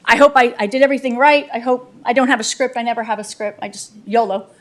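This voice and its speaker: A woman who has just been elected to the city council gives an unscripted, energetic speech full of heartfelt thank-yous in a council chamber. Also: on the high side, fast talker.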